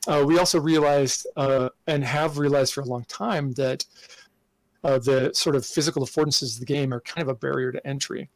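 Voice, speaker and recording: A man answering interview questions in a thoughtful, halting way, with many fillers and restarts. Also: medium pitch, steady tone, no room sound. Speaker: game designer guest.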